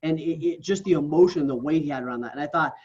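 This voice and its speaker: Fast and somewhat high, with a slightly mellow tone, this man's voice comes through dull audio. Appearing on a podcast, he chats earnestly and casually in an interview, often closing a thought with "right?"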